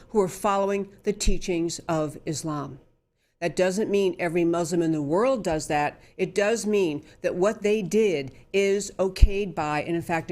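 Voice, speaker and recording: A woman's voice: medium pitch, a little mellow. A woman hosting a conservative political talk show, speaking emphatically in a mid-range voice and often restarting her sentences. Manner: emphatic, with frequent restarts and fillers.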